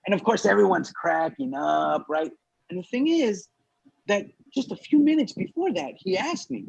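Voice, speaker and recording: Man, comedian, casual storytelling, animated, profane, husky, wide-ranging pitch. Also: moderate pace, no room sound. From Los Angeles, USA. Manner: animated, profane, acts out quoted people. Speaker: comedian podcast co-host. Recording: dull lo-fi dry sound.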